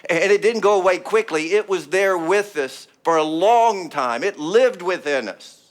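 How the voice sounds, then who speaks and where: A man's voice: sits high, animated, unhurried. A middle-aged man preaching a sermon in an emphatic, rhythmic style built on repeated phrases. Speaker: pastor.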